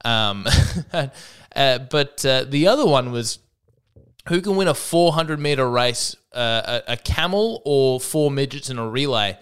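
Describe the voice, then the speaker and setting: A man's voice: mid-range voice, lively intonation, measured pace, a bit bright, clear, resonant tone. A man hosting a solo podcast, rambling with wry asides and frequent restarts. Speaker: podcast host. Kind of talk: solo comedic podcast monologue.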